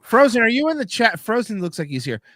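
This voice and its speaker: Male podcast host, lively swinging pitch, dry close mic, sarcastic and profane. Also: fast, dry recording. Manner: animated, mocking, swears a lot. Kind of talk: casual chat.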